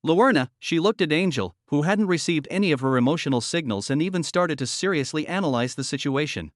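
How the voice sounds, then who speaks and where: A man narrating a scripted comic recap with a steady, even delivery. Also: fairly high pitch, a little fast, no echo, studio quality.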